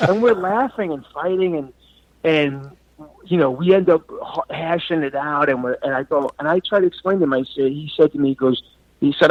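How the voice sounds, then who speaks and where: A man in his forties, a comedian and actor from New York and Florida, telling stories as a podcast guest. He acts out quoted lines loudly and swears freely. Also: a little high, brisk, no room sound. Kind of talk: casual podcast storytelling. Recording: dull, dry sound.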